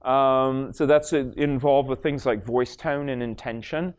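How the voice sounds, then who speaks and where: His medium-pitched voice is steady, darkish, clear and resonant, and he speaks a little slowly. He's a Los Angeles lecturer demonstrating a brain scan on stage before an audience, rambling casually with many fillers and restarts.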